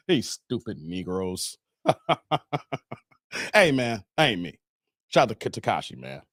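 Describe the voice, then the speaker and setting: A man's voice: lowish voice, wildly swooping pitch, slow pace, a bit bright, dry recording, studio quality. A man in his forties from the Chicago area, hosting a casual livestream and talking in a joking, slangy, emphatic way with frequent laughs. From Chicago area, United States. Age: 40s. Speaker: livestream host.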